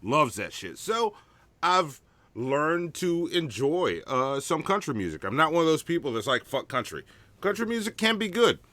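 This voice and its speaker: A man co-hosting a podcast in casual chat, swearing freely and giving lively opinions. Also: fairly high pitch, moderate pace, dry recording. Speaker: podcast co-host.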